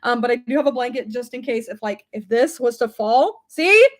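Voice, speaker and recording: Stuffy-nosed female streamer in her thirties, bright high voice, chatty and prone to laughter. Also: fairly even intonation, fairly quick. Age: 30s. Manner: giggly, breaks into high shrieking laughter. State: stuffy, congested head. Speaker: livestream host reading viewer comments. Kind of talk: casual live chat.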